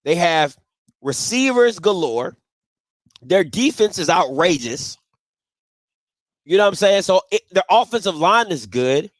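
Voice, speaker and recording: A man's voice: sits high, sing-song, measured pace, pauses often, dry recording, clean studio sound. A man hosting a postgame sports talk show, emphatic and repetitive as he argues his point. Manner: emphatic, repeats himself, breaks into laughing fits.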